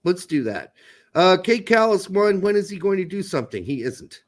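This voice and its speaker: A man's voice: sits high, sing-song, normal speed. A man co-hosting a casual sports podcast, blunt, opinionated and joking, with frequent swearing. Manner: blunt, profane, opinionated, jokey. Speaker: podcast co-host.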